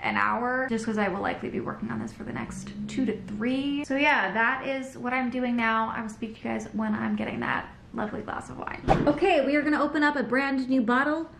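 A woman's voice: on the high side, expressive, a little fast, hardly any pauses. A young woman chatting casually to her viewers in a home vlog, bubbly and chatty as she cooks and winds down in her apartment. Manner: chatty, bubbly, talks to viewers while cooking. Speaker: vlogger. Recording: home recording with clear background noise.

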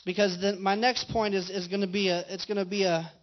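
Pastor preaching over dull livestream audio. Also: male voice, high voice, level tone, brisk. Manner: conversational, asks the congregation questions. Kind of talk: sermon. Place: church.

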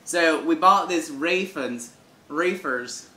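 A man's voice: fairly high pitch, slow, bright, forceful tone, reverberant. A man rambling through an improvised comedy bit in a goofy, mock-serious way, full of hesitant fillers. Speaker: comedy video host.

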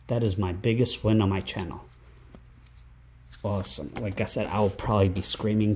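A man hosting a scratch-ticket vlog indoors at a rental home, calling out numbers one by one and breaking into excited exclamations. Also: fairly low pitch, slight background noise. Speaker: scratch-ticket channel host. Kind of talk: casual vlog narration while scratching tickets.

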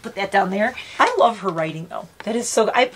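A woman's voice: medium pitch, animated, brisk, a little hiss or hum. A woman in her fifties chatting casually as she unboxes gifts on her vlog, gushing and talking to her pet bird. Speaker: vlogger.

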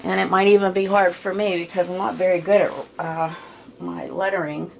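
A woman's voice: on the low side, little pitch movement, fairly quick, gravelly, a little hiss or hum. A middle-aged woman giving a casual, chatty painting tutorial from her home studio, with homey asides as she works. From Pittsburgh area. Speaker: art teacher.

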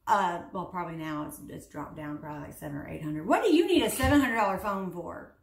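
A woman in her late thirties, a beauty vlogger, chatting casually while doing her makeup at home. She is animated and sarcastic as she vents. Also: fairly low pitch, a little fast, reverberant. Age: 30s. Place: home room.

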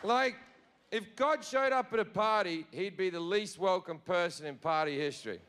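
Brash Australian stand-up comedian. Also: male voice, high voice, moderate pace, fairly bright tone. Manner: brash, profane, conversational. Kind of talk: stand-up routine.

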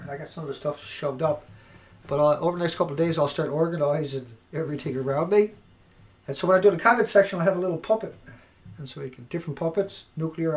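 A man recording an angry, profane rant to camera, swinging between yelling and quiet muttering. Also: fairly high pitch. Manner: profane, shouting and then dropping to quiet. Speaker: video blogger. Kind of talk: angry ranting monologue. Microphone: home recording mic.

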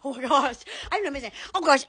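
A woman's voice: high-pitched, expressive, a little fast, pushed and bright, shouting. A woman chatting casually on a live stream from her phone, giggling, squealing and rambling. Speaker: shop owner streaming live.

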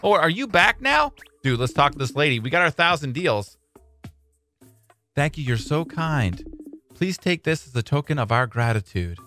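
Excitable male gamer, lively bright voice, let's-play chatter over faint game music. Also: on the high side, moderate pace. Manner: excitable, swings between mumbling and loud outbursts, says "dude" a lot. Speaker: gaming YouTuber. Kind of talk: casual let's-play commentary.

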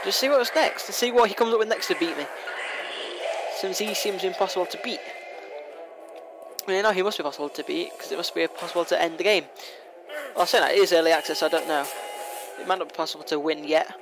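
A high-voiced man commentates on gameplay in a casual let's play, talking fast, rambling, and playfully taunting. It's a noisy home recording.

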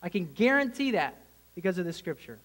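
A man preaching a casual, conversational sermon to a congregation, bursting into excited shouts. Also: high voice, a little fast, poor audio.

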